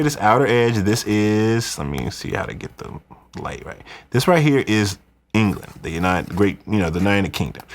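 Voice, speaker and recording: A man hosting a live podcast, ranting in an animated, conspiratorial way. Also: lowish voice. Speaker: podcast host. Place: indoors, wearing headphones.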